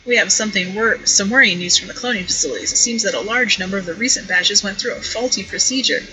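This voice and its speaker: An excitable lab technician in a storybook game, eager and rushing through the news, as a woman reader plays the part. The voice is very bright. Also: medium pitch, soft background music, close to an everyday voice, poor audio.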